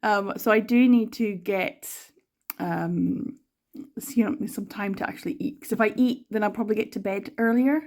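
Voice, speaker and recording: A woman's voice: mid-range voice, moderate pace, a little mellow. Rambling, giggly woman. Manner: rambling and chatty, with many fillers and giggles. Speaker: manga reading vlogger. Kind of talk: casual chat.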